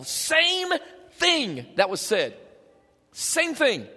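A male pastor with a very high, bright voice delivers a sermon. He is emphatic and swings between loud and hushed, and a long hall reverb rings through the sanctuary. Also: wildly swooping pitch, slow pace.

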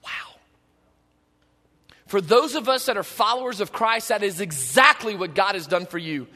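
A man preaching a sermon in an emphatic way, swinging between loud passages and hushed ones. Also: sits high, fairly quick. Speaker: pastor. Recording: long hall reverb.

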